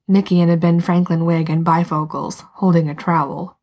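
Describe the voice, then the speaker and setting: A woman reading a story aloud as narrator, soft and unhurried, sometimes dropping to a whisper. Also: fairly low pitch, steady tone, breathy edge. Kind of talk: scripted narration.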